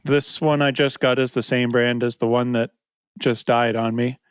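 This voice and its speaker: A man's voice: medium pitch, fairly even intonation, normal speed, smooth. A man co-hosting a casual podcast chat in an easygoing, self-mocking way. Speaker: podcast co-host.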